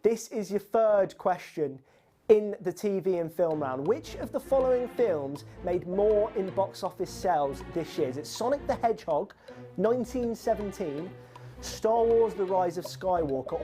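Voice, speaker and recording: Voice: medium pitch, expressive, a little slow, warm tone, faint music behind. A quiz host running a live online quiz, reading out questions and scores in a chatty, teasing, upbeat way.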